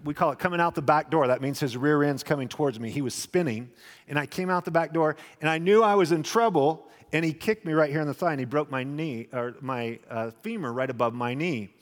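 Animated preacher in a reverberant hall. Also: male voice, on the high side, brisk. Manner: animated storyteller, acts out voices. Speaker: pastor. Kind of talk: sermon with personal stories.

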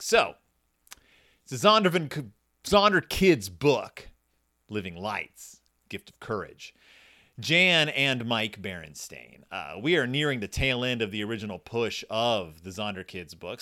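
A man's voice: on the low side, a bit bright. A man hosting a podcast and chatting casually about a children's book in a playful, jokey way. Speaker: podcast host.

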